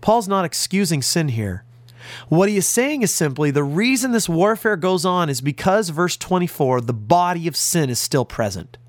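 A man's voice: on the high side, animated, moderate pace, dry recording. A man as a pastor preaching a radio sermon, earnest and emphatic, leaning on key words. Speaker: pastor and radio Bible teacher.

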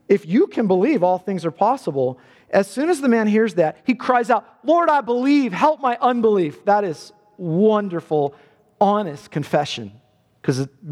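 A man's voice: high voice, darkish tone. A male pastor preaching a sermon in a church, earnest and building to fervent emphasis. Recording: long reverb of a large hall.

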